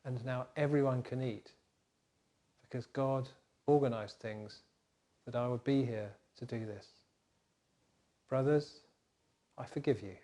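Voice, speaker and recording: A man voicing Joseph, a grown man in power, speaking calmly, gently and solemnly in a children's Bible story. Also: medium pitch, slow. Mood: gentle.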